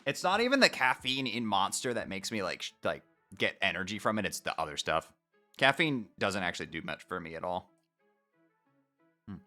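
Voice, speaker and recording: A man's voice: sits low, very animated, moderate pace, pushed and bright, soft background music. A young man streaming, chatting casually and joking between readings.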